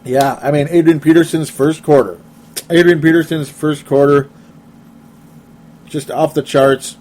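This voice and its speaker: A man's voice: fairly high pitch, steady tone, unhurried, darkish tone. Chatty man hosting a sports talk show. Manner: rambling, chatty, laughs often. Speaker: podcast host. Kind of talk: casual sports talk show reading listener comments.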